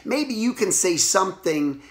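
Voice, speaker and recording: A hoarse man who has lost his voice, hosting a casual motivational talk and rambling with lots of restarts. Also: sits high, a little slow. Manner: rambling, animated, restarts often. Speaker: artist and show host. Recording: roomy echo.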